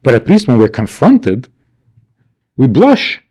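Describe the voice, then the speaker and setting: A man teaching a class as a rabbi, animated and rhetorical, acting out the people he quotes. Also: mid-range voice, takes it slowly, husky. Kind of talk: lively classroom lecture. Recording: archival 1992 class recording.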